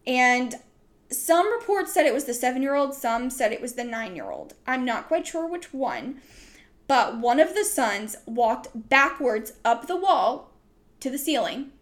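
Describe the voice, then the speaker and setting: A young woman hosting a chatty podcast recounts a story at length, her voice sitting a little high. She rambles, circling back with lots of "like" and "um" as she goes. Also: big pitch swings, unhurried. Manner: rambling, full of "like" and "um". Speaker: podcast host. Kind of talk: casual storytelling chat.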